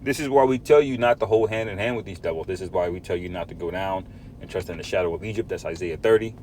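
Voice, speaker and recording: A man's voice: low voice, quick pace, darkish tone, a little hiss or hum. A man preaching from scripture, emphatic, often tagging lines with "man" and "all right?". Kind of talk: scripture teaching.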